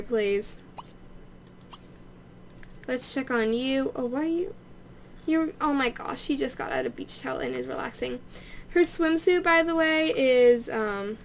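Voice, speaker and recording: A young woman giving casual, gushing commentary over a life-sim game she is playing, easily excited and chatty. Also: on the high side, slight background noise. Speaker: let's play host.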